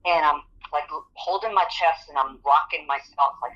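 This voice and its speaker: A woman's voice: sits low, normal speed, fairly bright tone, highs cut off. A woman giving a personal testimony as an interview guest, telling her story earnestly and vividly. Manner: earnest, vivid storytelling that acts out quoted speech.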